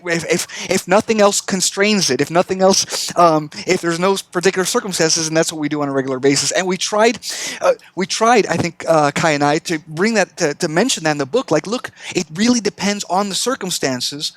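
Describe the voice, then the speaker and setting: Fast-talking high-voiced man, dry sound. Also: fairly bright tone, dry recording, poor audio. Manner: earnest, argumentative, pleading for reasons. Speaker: guest author. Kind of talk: casual podcast discussion.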